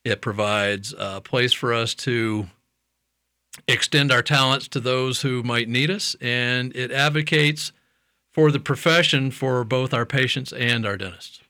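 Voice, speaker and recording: Guy on radio, bright punchy voice, deadpan jokes, dry close mic. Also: mid-range voice, measured pace, no room sound. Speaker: dentist guest. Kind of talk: radio interview.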